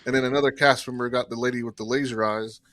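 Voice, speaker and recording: A man from South Carolina spins a lively anecdote, jumping between his own lines and everyone else's as he acts out the scene. His voice sits at an ordinary middle pitch. The recording is close and dry, with no room sound around it. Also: fast, no room sound. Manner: animated storyteller acting out both sides of dialogue. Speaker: podcast co-host. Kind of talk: casual chat.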